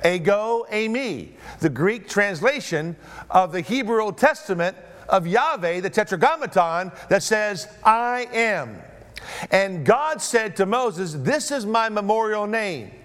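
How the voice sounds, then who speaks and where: A man preaching a sermon, moving between hushed, slow passages and raised, emphatic declarations. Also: expressive. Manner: dynamic preaching, swings between hushed low phrases and raised emphatic ones. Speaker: pastor.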